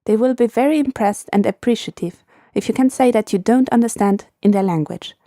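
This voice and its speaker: A woman hosting a short scripted language lesson, speaking clearly and patiently and repeating phrases slowly for learners. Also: a little high, mellow, no echo, clean studio sound.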